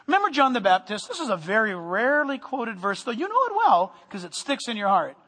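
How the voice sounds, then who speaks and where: A male pastor preaching a lively sermon to his congregation, joking with them and sometimes raising his voice. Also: very high voice, brisk, hardly any pauses, long reverb tail. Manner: animated preaching with humor, sometimes loud. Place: church sanctuary.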